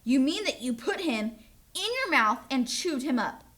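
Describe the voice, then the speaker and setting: A woman's voice: high voice, big pitch swings, a little slow, a bit bright, exaggerated voice. A woman voicing a busy, exasperated mother who frets and scolds, read from a children's storybook. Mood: fretful. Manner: fretful, scolding.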